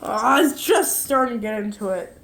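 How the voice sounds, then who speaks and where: A woman's voice: on the high side, expressive, brisk, background noise. Woman chatting through a reaction video. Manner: casual, chatty remarks to herself and her dog. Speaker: host.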